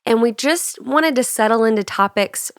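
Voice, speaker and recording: A young woman co-hosting a podcast in casual chat, relaxed on a couch, her voice still a little sick. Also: fairly high pitch, moderate pace, no echo, studio quality. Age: young adult. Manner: chatty, laughs often, relaxed. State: slightly sick voice. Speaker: podcast co-host. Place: on a couch indoors.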